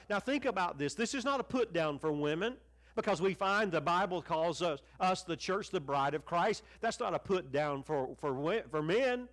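Fervent high-voiced man preaching a sermon. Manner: fervent preaching with wide swings in pitch and loudness, dropping to near-hushed lines. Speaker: pastor. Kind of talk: televised sermon.

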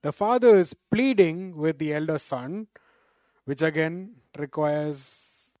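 A man preaching a sermon, slowing down to quote scripture and adding rhetorical "right?" asides. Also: a little high, darkish tone, no echo.

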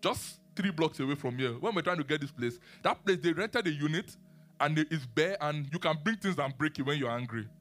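A man preaching a sermon and teaching the Bible, animated, asking his listeners questions and laughing often. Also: on the high side, brisk, soft background music.

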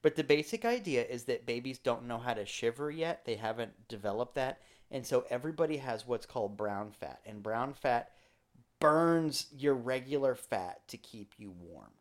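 A man's voice: mid-range voice, expressive, moderate pace. Male podcast co-host, loose and playful, rambles through casual banter. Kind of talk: casual chat.

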